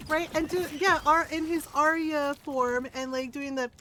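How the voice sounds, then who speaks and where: High-voiced woman streamer chatting. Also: measured pace. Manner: animated, laughing storytelling with casual swearing. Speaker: game streamer. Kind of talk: casual chat with stream viewers.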